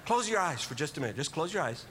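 A man with a high, light voice performs stand-up comedy on a live stage, throwing in sound effects and quick voices. The hall rings with a long reverb, and the audience is clearly heard around him. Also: sing-song, sharp tone, slight background noise.

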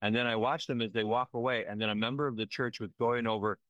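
A man's voice: medium pitch, steady tone, fast talker, a bit bright, no room sound, muffled recording. A man telling of relief work in an earnest, emotional way, often checking in with "right?". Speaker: disaster relief worker. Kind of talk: conversational field report.

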